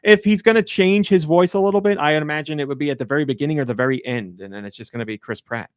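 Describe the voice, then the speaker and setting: A man's voice: fairly high pitch, rapid-fire, clean tone, no room sound, clean studio sound. A man hosting a podcast in casual, rambling chat, often breaking into laughter. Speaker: podcast host.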